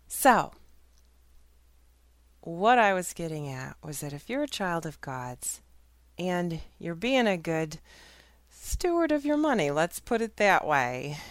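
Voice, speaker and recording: A middle-aged woman talks through a casual faith monologue in a smooth, resonant, slightly low voice. She is frank and chatty and laughs often. The sound is dry and close. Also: no room sound. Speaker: host of a faith and current events talk. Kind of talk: casual Christian commentary monologue.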